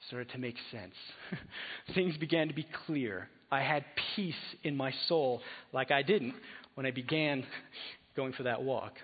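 A male pastor preaching a sermon in a conversational way, moving between soft, reflective passages and emphatic exhortation, in a large church hall. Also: on the high side. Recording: phone-like sound in a hall with long reverb.

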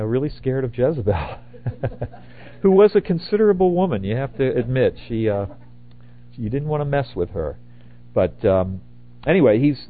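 An older man preaching a sermon in a relaxed, rambling way, correcting himself and adding asides. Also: mid-range voice, a little hiss or hum. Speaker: pastor. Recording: tinny phone-like audio.

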